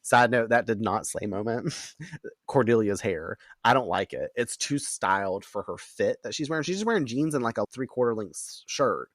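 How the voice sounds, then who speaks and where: A man hosting a podcast in a casual chat, animated and profane, laughing often and acting out quotes from characters. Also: mid-range voice, moderate pace, dry recording, studio quality. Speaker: podcast host recapping an episode.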